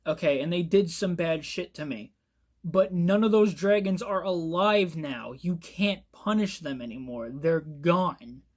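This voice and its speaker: A man voicing a sensible mother dragon who speaks calmly and reasons patiently. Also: fairly high pitch, measured pace. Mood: reasoning.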